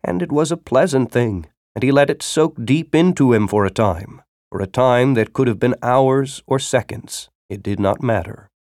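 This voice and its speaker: A man narrating a story in a dramatic reading style, breaking into urgent, shouted dialogue. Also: mid-range voice, moderate pace, no room sound, clean studio sound. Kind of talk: audiobook narration.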